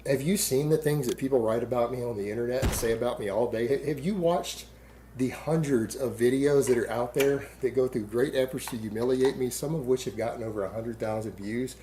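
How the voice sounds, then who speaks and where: A man's voice: mid-range voice, a little fast, noisy background. A middle-aged man from Texas in a casual, rambling monologue to camera, defiant and full of rhetorical questions. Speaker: online video creator.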